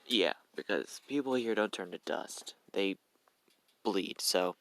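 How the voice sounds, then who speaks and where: Young man, deep voice, gravelly, rambling casual storytelling. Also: takes it slowly, fairly bright tone. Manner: rambling, self-correcting, swears. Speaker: fan story narrator.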